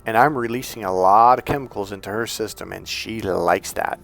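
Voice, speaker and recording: A man giving casual dating advice as a coach, telling lively stories and acting out the people in them, blunt and a bit crude. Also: on the low side, brisk, creaky, faint music behind. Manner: animated storyteller who acts out the people he quotes. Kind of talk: casual motivational monologue.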